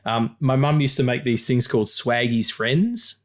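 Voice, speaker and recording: An Australian podcast host with a mid-range voice talks at normal speed in a casual, jokey chat. He's animated, swears, and tells stories for laughs.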